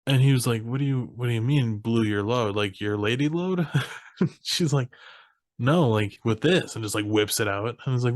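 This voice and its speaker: A young co-host with a darkish mid-range voice chats through a movie recap on a podcast at normal speed, often laughing as he mimics the characters' dialogue. Clean studio sound with no echo.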